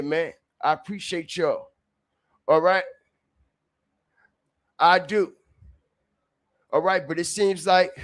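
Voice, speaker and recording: A man talks slowly and deliberately to his stream, his voice sitting on the high side. He is profane and repetitive, hammering his point home with constant call-outs to the people watching. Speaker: live stream host. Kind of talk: street commentary livestream.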